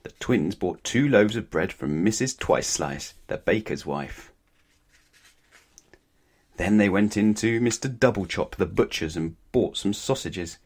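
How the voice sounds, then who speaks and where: Man, children's storybook reader, gentle, playful, slightly low voice. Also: animated, measured pace, husky.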